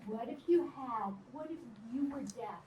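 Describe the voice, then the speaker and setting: A middle-aged woman teacher talks a class of children through an activity in an animated, directive way and laughs often. Her voice sits high. She is picked up from across a reverberant classroom. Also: measured pace. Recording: roomy, distant, noisy classroom.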